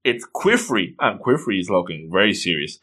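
A man giving casual, excitable commentary as he reads through a comic, with playful exclamations. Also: deep voice, normal speed, slightly rough. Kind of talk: casual read-along commentary.

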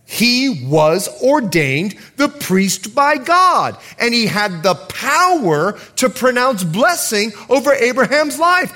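A man's voice: high-pitched, takes it slowly, few pauses. A male pastor preaching a sermon at a church service, telling stories with humor. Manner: animated storytelling with humor.

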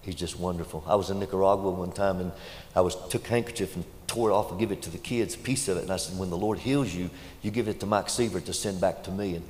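Deep-voiced preacher telling folksy stories. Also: male voice, fast talker, few pauses, a little hiss or hum. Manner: folksy, animated anecdotes. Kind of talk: sermon storytelling. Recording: echoey hall, faint ambience.

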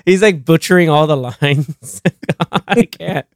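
A man co-hosting a podcast, excitedly recalling funny movie moments and laughing. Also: fairly high pitch, slow, no room sound, clean studio sound. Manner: excitable, laughing, jumps in with quotes. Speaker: podcast co-host. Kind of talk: casual movie discussion.

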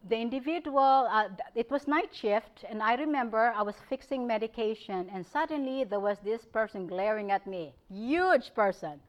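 A woman giving a public lecture, telling stories from her practice in an animated way, often breaking into laughter. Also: a little high, normal speed, hardly any pauses, highs cut off. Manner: animated storytelling, frequent laughter. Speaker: guest speaker. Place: lecture hall.

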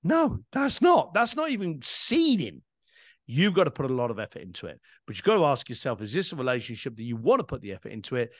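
A man's voice: medium pitch, sing-song, fast talker, no room sound, studio quality. A middle-aged man from East London, telling stories as a podcast guest in an emphatic, casual way with some swearing. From East London, England. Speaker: podcast guest, entrepreneur and speaker. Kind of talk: conversational interview storytelling.

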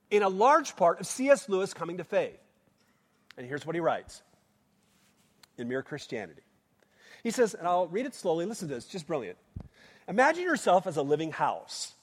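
A man preaching a sermon, asking the congregation rhetorical questions as he goes. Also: high voice. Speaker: pastor. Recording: long hall reverb.

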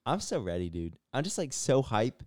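A man's voice: medium pitch, sing-song, normal speed, a little mellow, no room sound, clean studio sound. A young man co-hosting a casual podcast, laid-back and saying "bro" and "dude" a lot. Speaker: podcast co-host. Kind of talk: casual chat.

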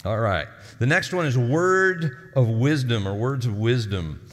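A man's voice: medium pitch, expressive, unhurried. Male pastor preaching in a reverberant hall. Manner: conversational storytelling, acting out quoted voices. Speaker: lead pastor. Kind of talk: sermon.

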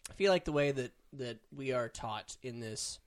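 A man's voice: medium pitch, animated, normal speed. A man co-hosting a casual comedy podcast, teasing his co-host and laughing often.

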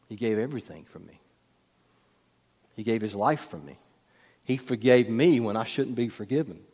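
A man preaching a sermon, telling folksy stories with humorous asides and dropping to a soft hush at times. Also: medium pitch, normal speed, long pauses. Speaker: pastor. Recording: long hall reverb.

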